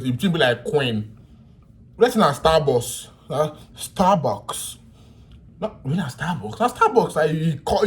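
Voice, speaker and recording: Young Nigerian man, mid-pitched voice, vlogger telling an animated, laughing story. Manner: animated, laughing, swings from loud to quiet. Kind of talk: casual storytelling in pidgin.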